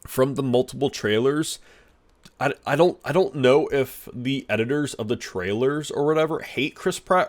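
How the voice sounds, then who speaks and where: Male reviewer, mid-pitched, gushing and rambling through a casual review. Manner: excitable and rambling, with frequent restarts and fillers. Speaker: YouTube movie reviewer.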